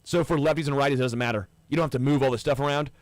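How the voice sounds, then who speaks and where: A man's voice: mid-range voice, rapid-fire, no echo. A man co-hosting a sports radio show, arguing his point eagerly in casual banter and stumbling over his words when pressed. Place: radio studio. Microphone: studio microphone.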